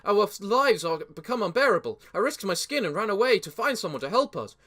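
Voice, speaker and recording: A man's voice: high-pitched, big pitch swings, brisk, sharp tone, heavily acted. A man doing a pleading peasant. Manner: pleading, earnest. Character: frightened male peasant villager.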